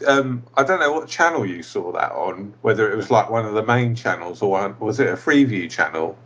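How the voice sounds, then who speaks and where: Husky low-voiced man, laid-back. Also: expressive, a little fast, fairly bright tone, highs cut off. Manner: laid-back, hesitant, trailing asides. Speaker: podcast co-host. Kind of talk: casual comedic chat.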